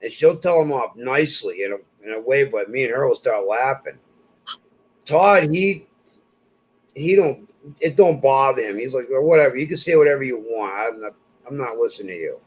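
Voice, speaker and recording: A man's voice: mid-range voice, moderate pace, husky, poor audio. A man in casual conversation, telling personal stories and acting out the voices of people he quotes. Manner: animated, acts out quoted voices. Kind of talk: casual storytelling chat.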